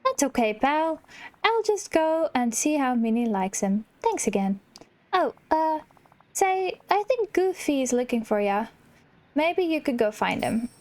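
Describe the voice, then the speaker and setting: A woman's voice: sits high, big pitch swings, measured pace, voice pushed up. A woman voicing a friendly, upbeat male cartoon mouse while reading game dialogue.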